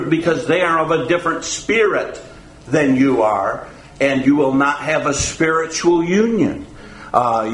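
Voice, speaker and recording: Folksy preaching man in a roomy room. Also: on the high side. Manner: folksy, halting with frequent uh fillers and chuckles. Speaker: pastor. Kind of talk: sermon.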